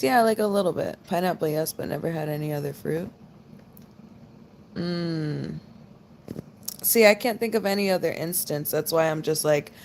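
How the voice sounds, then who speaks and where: Chatting with viewers late at night, an American livestream host in her 20s rambles in a relaxed way, dropping "like" constantly. She has a low voice, and there's slight background noise.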